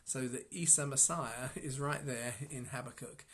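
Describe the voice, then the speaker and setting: A man talks through a passage of scripture in an informal devotional reflection, speaking at a mid-range pitch. He muses as he goes and often stumbles and restarts his sentences. Soft chuckles slip in between his thoughts. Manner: musing, halting, with frequent restarts and soft chuckles.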